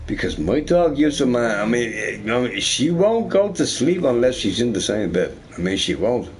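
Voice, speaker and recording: A man's voice: medium pitch, sing-song, normal speed. A man streaming a game, chatting casually with viewers in a rambling, profane, joking way.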